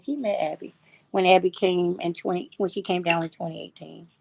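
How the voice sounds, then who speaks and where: A middle-aged woman hosting her channel, grieving and talking haltingly and softly as she searches for words. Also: on the low side, flat delivery, gravelly, dry recording. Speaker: channel host. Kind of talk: casual heartfelt chat.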